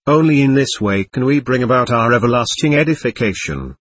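A gentle, encouraging older woman, read by a male narrator. The voice is husky and dry, close up. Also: medium pitch, a little fast, no echo.

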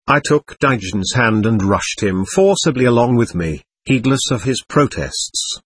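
A man narrates a memoir in a measured, formal way, his voice slightly husky and recorded close and dry with no room sound. His pitch sits in an ordinary middle range for a man. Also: a bit bright, no echo. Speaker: audiobook narrator. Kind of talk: scripted first-person narration.

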